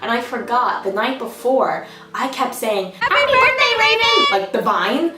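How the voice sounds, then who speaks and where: A woman's voice: on the high side, measured pace, roomy sound, far from the mic, loud music behind the voice. A woman, telling stories in a casual, self-mocking vlog and jumping to sudden squeals. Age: 20s. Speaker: vlogger.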